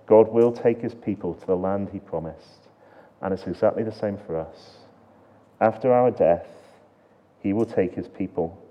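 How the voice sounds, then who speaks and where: A low-pitched man preaches a sermon, earnest and searching, leaning on rhetorical questions. He swings from emphatic lines down to quiet, hushed ones. The recording sounds dull and lo-fi.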